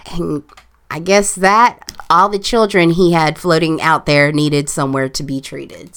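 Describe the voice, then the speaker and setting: A woman's voice: on the low side, fairly bright tone, clear, resonant tone. A young woman co-hosting a casual podcast, telling a jokey, rambling story from her notes. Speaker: podcast co-host. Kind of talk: casual chat.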